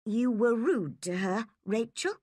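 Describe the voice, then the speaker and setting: Woman doing a calm, firm middle-aged guardian. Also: a little high, measured pace, no echo, studio quality, pitched above the performer's own voice. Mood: firm, gentle.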